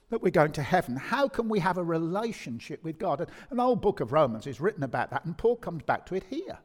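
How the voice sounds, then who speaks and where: A man with a Birmingham accent preaches in a high, lively voice that swings widely up and down. He drives his points home with emphatic repetition and quick restarts. His words ring out with the long reverb of a large hall. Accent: Birmingham English. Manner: animated, emphatic, with frequent repeated-word restarts. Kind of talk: sermon.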